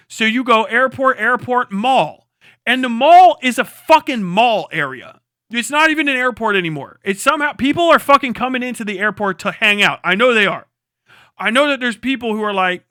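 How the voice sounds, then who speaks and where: High, bright-voiced man ranting profanely. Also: dry recording, studio quality. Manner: profane, rambling, animated. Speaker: live streamer. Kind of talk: comedic rant.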